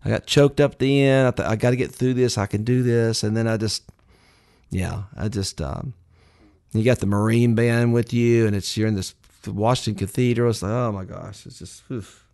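Man in his sixties, interview guest, low voice, rambling and heartfelt. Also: normal speed, gravelly. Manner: warm, rambling, heartfelt with many fillers. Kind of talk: casual interview.

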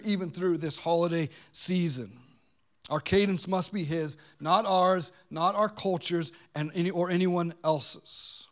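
A man preaching a sermon as pastor to his congregation in a relaxed, joking way, slowing down for the weightier lines. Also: sits high. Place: church gathering with a congregation present.

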